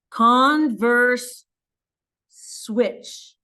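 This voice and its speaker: A woman math teacher talks slowly and with emphasis, leaning hard on key words as she walks students through a lesson. She keeps reassuring them and urging them to follow along. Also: mid-range voice. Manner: encouraging, emphatic, stresses key words with hand signals. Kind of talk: classroom lesson video.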